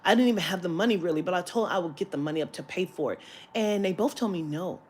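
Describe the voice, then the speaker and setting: A woman's voice: fairly low pitch, quick pace, a little mellow, slight background noise. Woman ranting through a profane story. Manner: profane, heated storytelling with laughter. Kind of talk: storytime rant.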